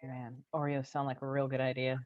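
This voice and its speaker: Low-voiced woman running a tabletop game. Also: fairly quick, no echo, phone-quality sound. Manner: relaxed, chatty, laughs easily. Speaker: dungeon master. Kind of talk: casual game master narration.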